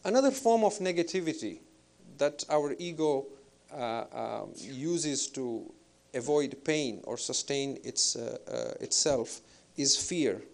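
A man giving an Islamic spiritual lecture in a measured, reflective way, pausing with fillers as he thinks. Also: medium pitch, lively intonation, creaky, darkish tone. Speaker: Islamic preacher.

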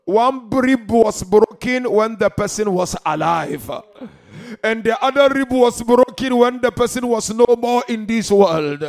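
A man preaching a mourning sermon, half-singing the story with emotional, loud cries. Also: extremely high pitch, unhurried. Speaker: preacher reciting a mourning narration.

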